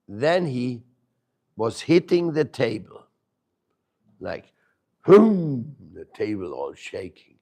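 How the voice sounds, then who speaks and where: Gravelly slow-talking guy giving a spiritual talk, asks the crowd stuff, punches words. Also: mid-range voice, sing-song, darkish tone. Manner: questions listeners, jokes, and stresses key words. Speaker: spiritual teacher. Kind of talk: devotional lecture to a live group. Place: room with a small audience.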